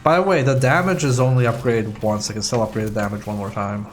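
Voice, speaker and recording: A mid-pitched man narrates his own gameplay in loose, casual chat. He jokes, laughs a lot and swears offhandedly. A faint hiss sits under his voice. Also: fairly even intonation, fast. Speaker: gamer playing co-op.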